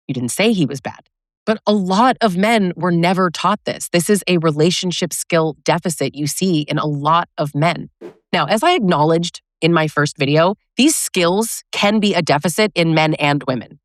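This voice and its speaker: A woman's voice: low-pitched, no room sound, studio quality. A woman relationship coach giving a direct, conversational talk, often asking rhetorical questions. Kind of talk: educational talk to camera.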